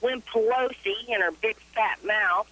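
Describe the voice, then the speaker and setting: A woman's voice: on the high side, unhurried, sharp tone, low-quality recording. An older woman calling in to a radio show, blunt and indignant as she makes her point. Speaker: caller. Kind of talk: call-in rant.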